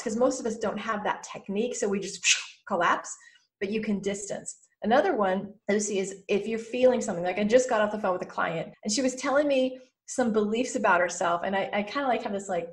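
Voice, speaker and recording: A woman's voice: mid-range voice, a little fast. A woman in her fifties, a mentor and former therapist, talking in a podcast interview and acting out anxious inner voices. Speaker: guest mentor.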